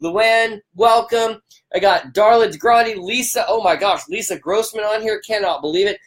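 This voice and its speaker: A man's voice: sits high, normal speed. A man hosting a live stream, fired up and emphatic. He repeats himself for emphasis and greets viewers by name. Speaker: livestream host.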